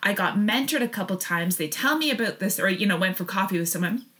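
Bright-voiced woman telling a rambling story. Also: medium pitch, quick pace. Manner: rambling, self-interrupting, laughs often. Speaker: podcast guest. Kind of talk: casual storytelling interview.

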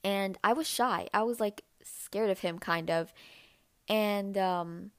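A young woman in casual storytelling mode, chatting on her own podcast. She talks loosely with plenty of "like" fillers, at an ordinary middle pitch. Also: slow, a bit bright, clean tone. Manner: chatty, many "like" fillers, acts out quoted voices in a higher pitch. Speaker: podcast host.

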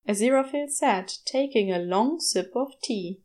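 A woman reading fan fiction aloud as a gentle, expressive storyteller. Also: medium pitch, measured pace, hardly any pauses. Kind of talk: storybook narration.

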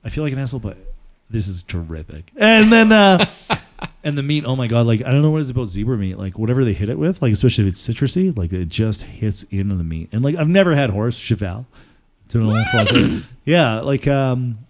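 A man's voice: mid-range voice, sing-song, brisk. A man in his thirties from Alberta, a podcast host telling rambling stories with lots of swearing and laughing, a bit drunk. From Alberta, Canada. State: tipsy from drinking. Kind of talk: casual podcast chat.

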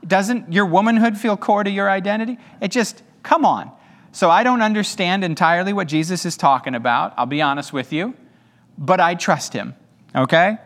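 Lively high-voiced man preaching in a hall. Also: normal speed. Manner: animated and conversational, with humorous asides. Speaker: pastor. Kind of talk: sermon. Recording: long hall reverb.

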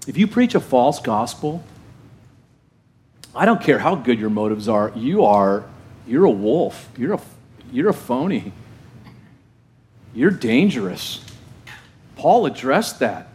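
A man's voice: mid-range voice, sing-song, takes it slowly, pauses often, darkish tone. A male pastor preaching a sermon in an emphatic, conversational way, often asking his congregation questions.

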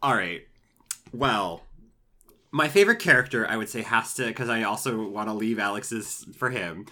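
A man in casual podcast chat, animated and quick to laugh, swearing offhandedly. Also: on the low side.

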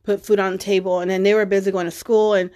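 A woman in her forties talking casually with her grown children. She is blunt and swears easily, and she leans on fillers as she thinks aloud. Her voice sits at an average pitch. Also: flat delivery, quick pace, mellow. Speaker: podcast host, mother. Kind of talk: casual family chat.

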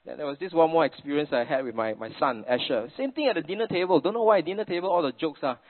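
Here a middle-aged man from Singapore preaches with a Singaporean English accent, his voice a little high, animated and fast. His sermon runs on chatty family anecdotes dotted with Singlish particles, and the recording sounds tinny and phone-like.

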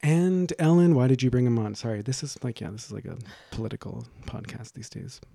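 A man co-hosting a podcast in casual chat, rambling and joking with quick asides. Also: medium pitch, vocal fry, warm tone, dry recording, studio quality. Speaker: podcast co-host.

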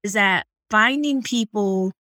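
A woman's voice: medium pitch, takes it slowly, no echo. Woman host cheering her guest on, mid voice, dry close mic. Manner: warm encouraging, faith-centered affirmations. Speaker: podcast host. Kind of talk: faith podcast interview.

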